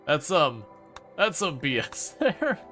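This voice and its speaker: A man giving casual, excitable commentary on his own gameplay, reacting aloud and laughing often. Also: on the high side, takes it slowly, soft background music. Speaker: gaming channel host.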